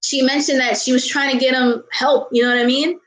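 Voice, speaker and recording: This American vlogger's high voice comes across flat and a little fast as she casually answers viewer questions. She keeps ranting in exasperation, laughing and apologizing along the way. The roomy recording is rough.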